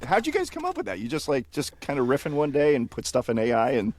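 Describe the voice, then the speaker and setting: A man's voice: medium pitch, huge pitch swings, quick pace, a little mellow. A man guest on a podcast, chatting enthusiastically and praising the hosts. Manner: enthusiastic, complimentary. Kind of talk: casual chat.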